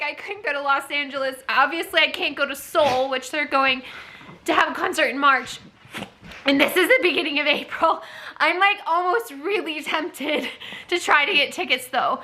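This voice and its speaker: A woman vlogging at home in a casual, expressive way, moving between soft talk and loud outbursts. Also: high voice, normal speed. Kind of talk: casual vlog chat to camera. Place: at home with her dogs.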